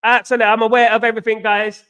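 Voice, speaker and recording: A man's voice: sits high, flat delivery, rapid-fire, bright, forceful tone. A man hosting a casual football live stream, rambling and repeating himself as he chats with viewers and reads their comments. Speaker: football channel host.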